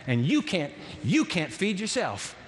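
A male pastor preaches to his congregation, turning the passage into a lively story full of asides. His voice sits high and swings widely in pitch. A long reverb from the church hall trails after him. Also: measured pace, slight background noise. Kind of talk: sermon.

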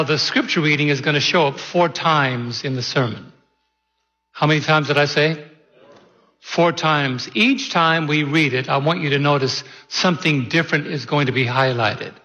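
A man in his sixties, preaching as a pastor, with a somewhat high, ringing voice. He stretches out the words he wants to stress and keeps asking his listeners questions. The sound is muffled and carries a long echo through a large sanctuary. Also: bright, forceful tone, slightly rough. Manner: slow, deliberate emphasis, quizzes the congregation. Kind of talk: sermon. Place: church sanctuary. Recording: echoey hall, dull sound.

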